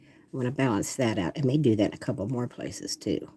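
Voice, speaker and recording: A woman's voice: a bass voice, expressive, a little fast, dark tone, a little hiss or hum. An older woman artist who chats casually and talks to herself while she demonstrates drawing.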